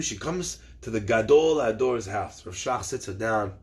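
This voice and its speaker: A man's voice: lowish voice, expressive, measured pace. A man giving an earnest, emphatic storytelling sermon as a Torah lecturer.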